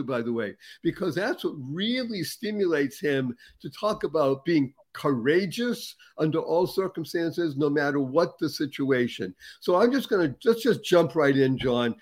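A man's voice: on the high side, a little mellow. A man hosting a motivational talk show, speaking emphatically and building to showy introductions. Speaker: host.

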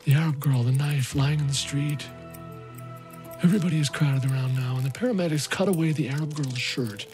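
A man's voice: a little high, fairly quick, over music, close to an everyday voice. An actor playing a haunted male rescue volunteer, telling his story in an intense, emotionally raw first-person monologue. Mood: shaken. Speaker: narrator.

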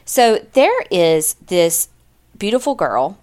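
A woman's voice: on the low side, sing-song, slow, darkish tone. Chatty woman telling a crime story. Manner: chatty, lots of "like", acts out quotes. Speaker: podcast co-host. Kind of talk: casual true-crime storytelling.

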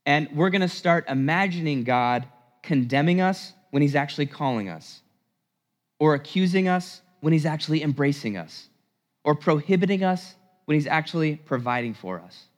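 A male priest preaches with animated emphasis and pointed rhetorical questions, his voice a touch higher than most men's. Long reverb from the church sanctuary trails each phrase. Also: normal speed. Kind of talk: sermon.

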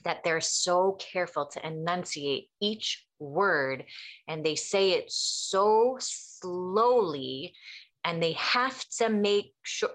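A woman with a low voice talks through mental health topics in a relaxed, conversational way. She tells anecdotes and jumps into quoted dialogue with lively shifts. She sounds like a therapist sharing her experience. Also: slow. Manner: animated storyteller acting out quotes. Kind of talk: casual explanatory chat.

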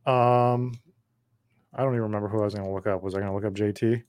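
A man's voice: on the low side, fairly even intonation, quick pace, a little mellow, dry recording. A man hosting a podcast, talking in a rambling, chatty way as he drafts and answers viewer comments, his voice slightly worn. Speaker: podcast host. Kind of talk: casual live drafting commentary.

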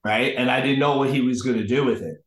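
A man, a guest on a podcast, tells a long personal story in casual chat and acts out the voices of the people in it. His voice sits at a middle pitch. The room around him is roomy and echoey. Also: fast talker. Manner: animated storyteller acting out the people in his stories.

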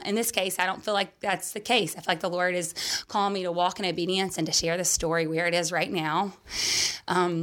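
A woman's voice: mid-range voice, fairly bright tone. A woman from Alabama with a Southern accent gives a chatty, self-deprecating faith testimony at a church gathering, full of fillers and restarts. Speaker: guest speaker at a church gathering.

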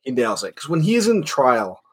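A man's voice: medium pitch, big pitch swings, moderate pace, breathy edge. A man co-hosting a podcast, chatting casually about a film, swearing, laughing and stumbling over restarts. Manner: profane, stammering restarts, laughing. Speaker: podcast co-host. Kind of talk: casual chat recapping a film.

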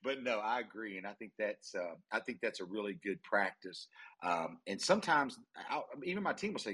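A man with a low, husky voice and a bright, forceful edge, chatting as an investor guest. He tells stories in a relaxed, slightly amused way. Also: moderate pace. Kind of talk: casual panel discussion.

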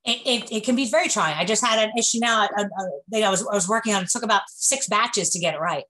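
A woman's voice: mid-range voice, quick pace, low-quality recording. A woman with a New York accent, a business owner joking and laughing through a video call interview with lots of fillers and restarts. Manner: joking, animated, laughs often, many fillers.

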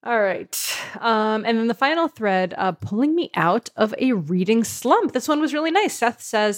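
A woman co-hosting a casual book podcast, bubbly and quick to laugh. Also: fairly high pitch, big pitch swings. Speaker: podcast co-host.

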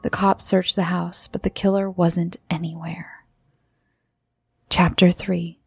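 A woman's voice: on the low side, flat delivery, takes it slowly, vocal fry, darkish tone, slightly rough, no room sound. A woman reading a child's written story aloud with dramatic expression.

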